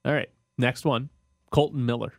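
A man hosting a casual sports talk show, laying out stats in a measured way to back his grades. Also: mid-range voice, fairly even intonation, no room sound, clean studio sound.

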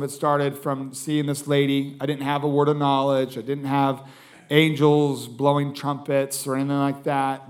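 A man preaching as a guest speaker, telling a story in an animated way and acting out what everyone said. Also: on the high side. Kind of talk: sermon storytelling.

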